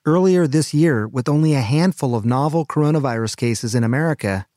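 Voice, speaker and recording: Calm man hosting a news podcast. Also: mid-range voice, no room sound, clean studio sound. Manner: calm, measured, earnest delivery. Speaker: medical correspondent and podcast host. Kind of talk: scripted news narration.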